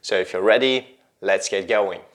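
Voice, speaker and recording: A man's voice: deep voice, normal speed. A man hosting an online video tutorial as an English pronunciation teacher, speaking to viewers in a chatty, storytelling way.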